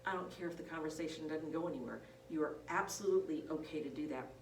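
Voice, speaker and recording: A woman's voice: low voice, fast. A woman nursing instructor lecturing a class, telling stories and acting out the voices of people in them. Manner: animated storytelling, acts out quoted voices. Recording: roomy, from a distance, faint hum.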